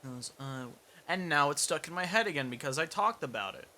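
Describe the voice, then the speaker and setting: A man's voice: on the high side, lively intonation, brisk, pushed and bright, a little hiss or hum. A young man chatting casually while streaming a game, rambling and poking fun at himself as he mutters along. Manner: rambling and self-mocking, mutters while playing. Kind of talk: casual gameplay chat.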